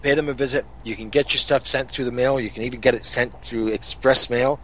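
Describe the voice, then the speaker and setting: A man's voice: mid-range voice, steady tone, fairly quick, fairly bright tone, slight background noise. A man from Canada hosting a podcast, telling angry road-rage stories in a profane, casual rant. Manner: angry, swearing storyteller. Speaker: podcast host.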